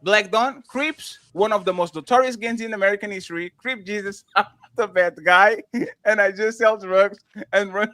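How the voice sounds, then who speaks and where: A man's voice: high-pitched, normal speed, pushed and bright, dry recording. A man hosting a live panel show, reading viewer comments aloud with exaggerated, laughing delivery. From Portugal. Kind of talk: casual chat, reading super chats.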